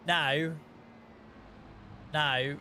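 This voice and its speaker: Male streamer, jokey and rambling, bright forceful tone, faint background noise. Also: on the high side, fairly even intonation, very slow. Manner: jokey, rambling, laughs often. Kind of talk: casual gameplay commentary.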